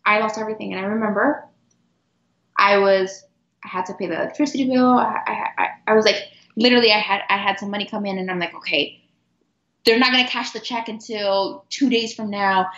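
A middle-aged woman guest telling a personal story earnestly, with halting restarts and repeated words. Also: medium pitch, a bit bright. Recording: roomy, dull lo-fi sound.

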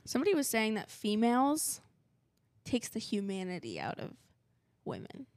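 A woman's voice: on the high side, wildly swooping pitch, normal speed, a little mellow, no room sound. A young woman co-hosting a podcast in casual chat, giggly and prone to slipping into a put-on British accent. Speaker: podcast co-host.

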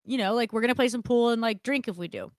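A woman's voice: a little high, fast talker, dry recording, clean studio sound. A young woman, telling a story on a casual podcast and acting out what people said, with plenty of swearing. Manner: animated, swearing, acts out quotes. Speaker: podcast co-host.

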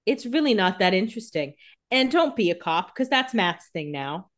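A woman's voice: medium pitch, very animated, moderate pace. A woman co-hosting a casual recap podcast, adding joking asides and talking loosely with lots of "like.". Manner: joking asides with many "like" fillers. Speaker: podcast co-host.

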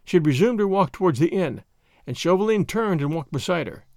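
A man narrating a classic novel in an expressive storybook reading, recorded close to the microphone. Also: high-pitched, fairly quick, no echo. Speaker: audiobook narrator. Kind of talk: scripted narration.

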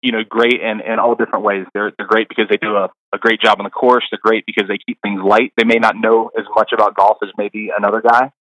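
Low, dry-voiced man telling caddie stories. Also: flat delivery, quick pace, few pauses, a bit bright, dry recording, muffled recording. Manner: rambling, many fillers and restarts. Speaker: caddie guest. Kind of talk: casual interview storytelling.

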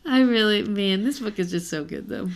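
A woman's voice: mid-range voice, animated, moderate pace. A young woman co-hosting a book podcast, gushing over the story and reading passages aloud with feeling. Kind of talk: casual chat.

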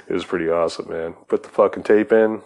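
A man's voice: low-pitched, a little mellow, poor audio. A man in his fifties telling a rambling personal story, laid-back and swearing constantly, tossing in "man" and "dude". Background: guitar music playing.

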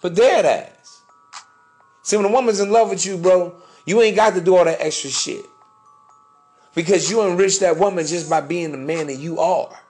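A man's voice: high-pitched, moderate pace, darkish tone, soft background music. A man hosting a podcast, talking in a blunt, profane, preachy monologue full of slang. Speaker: podcast host. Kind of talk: casual monologue.

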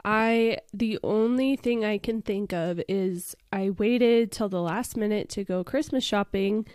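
A young woman co-hosting a podcast with a hoarse, raspy voice, playful and quick to laugh in casual chat. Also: medium pitch, a little mellow, no room sound, studio quality. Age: young adult. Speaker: podcast co-host.

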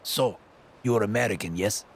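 A man's voice: fairly low pitch, normal speed, slight background noise, pitched above the performer's own voice. A man voicing an older, gray-bearded Russian man with a thick Russian accent, speaking bluntly and heartily. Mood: curious. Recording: narration over clear music.

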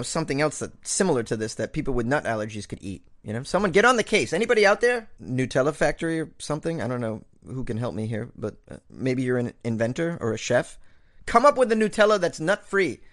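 A male host reading quirky news stories aloud and breaking off into sarcastic, joking commentary. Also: mid-range voice. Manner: reads headlines then riffs with sarcastic, jokey asides.

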